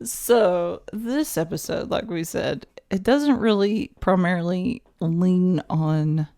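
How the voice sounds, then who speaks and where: A woman's voice: fairly low pitch, takes it slowly, dark tone, no room sound, studio quality. A woman co-hosting a podcast, trading playful quips and laughing. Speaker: podcast co-host. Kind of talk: casual chat.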